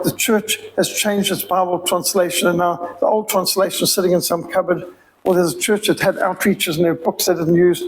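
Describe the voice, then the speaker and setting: A man's voice: high voice, creaky, low-quality recording. A man with a Rhodesian accent giving an emphatic, preacherly sermon-style appeal as a missionary speaker. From Zimbabwe.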